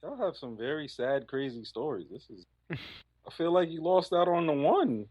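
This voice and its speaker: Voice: medium pitch, expressive, normal speed, dry recording. A podcast participant making laid-back, teasing remarks in casual chat. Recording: dull lo-fi podcast audio.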